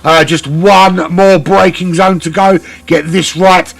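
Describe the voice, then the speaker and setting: A man's voice: high-pitched, steady tone, slow, vocal fry, a bit bright, no room sound. A man commentating a sim race live, chatty and rambling, often correcting himself.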